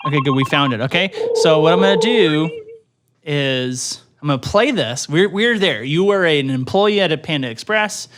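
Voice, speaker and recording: A man co-hosting a casual podcast, animated, swearing and laughing freely. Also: fairly high pitch, moderate pace, heavy background noise. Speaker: podcast co-host.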